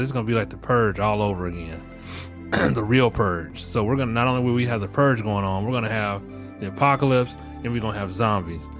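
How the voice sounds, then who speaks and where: A middle-aged man hosting a podcast, joking and ranting with profanity, often breaking into laughter. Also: lowish voice. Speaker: podcast host. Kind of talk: casual podcast commentary.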